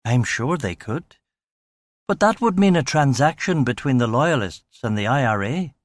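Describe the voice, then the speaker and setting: A cautious middle-aged factory manager in a crime audiobook, voiced by the male narrator in an ordinary, even tone. He chooses his words carefully and speaks in measured phrases. The reading is close and dry. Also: medium pitch, no echo, lightly acted. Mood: guarded.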